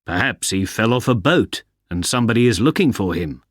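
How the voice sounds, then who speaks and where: A man's voice: on the low side, lively intonation, fairly quick, no room sound, studio quality. A man voicing a matter-of-fact policeman in a storybook reading.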